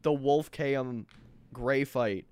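A man in casual chat who explains his points in a measured way. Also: mid-range voice, darkish tone, clear, resonant tone, dry recording.

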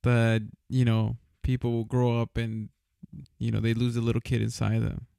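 A man's voice: mid-range voice, monotone, moderate pace, gravelly, mellow, clean tone, no room sound, studio quality. A young man in casual chat who keeps pushing his friend with teasing questions.

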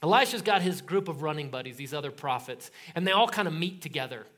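A man's voice: on the high side, fast. A male pastor preaching a sermon, telling a scripture story in a casual, joking way and acting out the voices in it. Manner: animated storytelling, acts out voices in quotes.

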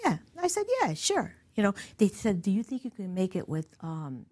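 A woman guest telling a story in a casual studio chat, animated and swearing freely, acting out the other people's voices. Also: medium pitch, fairly quick.

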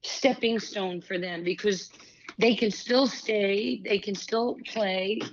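A woman's voice: medium pitch, slow. Storytelling woman in her sixties, lo-fi. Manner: animated storyteller, many asides and restarts. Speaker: former pro basketball player and broadcaster, guest. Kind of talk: candid storytelling conversation.

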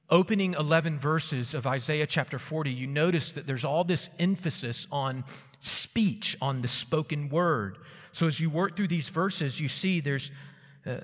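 A man's voice: mid-range voice, a bit bright. A man preaching an earnest expository sermon, quoting scripture with emphasis. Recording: long reverb of a large hall.

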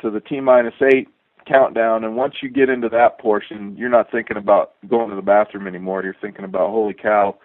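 A man's voice: lowish voice, fairly quick, no echo. Wry man telling stories on a tinny line. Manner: relaxed, wry, fond of self-deprecating humor, many fillers. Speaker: former astronaut guest. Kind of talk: storytelling anecdote. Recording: tinny dry phone-like line.

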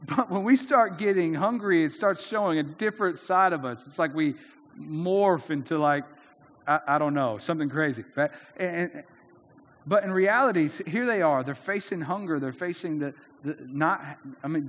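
This pastor's voice is on the high side and a bit bright, moving at a moderate pace through a large hall. He delivers his sermon in an earnest, conversational manner and frequently starts his sentences over.

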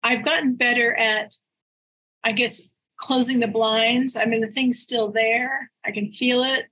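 A woman, an author being interviewed, telling stories in an animated way and laughing often as she talks. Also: a little high, measured pace, slightly rough, rough recording. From United States. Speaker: author guest. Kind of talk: casual interview storytelling.

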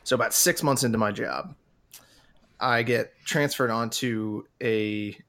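A man's voice: medium pitch, a little slow. A man, co-hosting a podcast, telling a long story in a casual way and acting out his own panic. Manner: animated, acts out his own panic in a raised voice. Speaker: podcast co-host.

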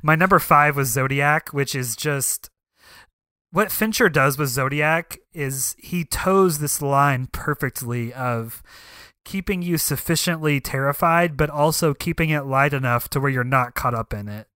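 Podcast guy, bright clear voice, lots of ums, dry close mic. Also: fairly high pitch, a little slow, no echo. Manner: chatty, frequent "um" fillers. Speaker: podcast co-host. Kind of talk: casual film discussion.

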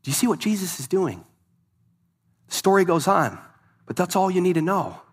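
A man's voice: sits high, sing-song, normal speed, husky. A man preaching a sermon, telling a story in an earnest voice that swells and drops for emphasis. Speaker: pastor.

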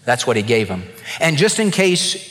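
A man preaching a sermon as a pastor, swinging from hushed to loud as he acts out voices from Bible stories. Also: mid-range voice, sing-song, normal speed. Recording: long reverb of a large hall.

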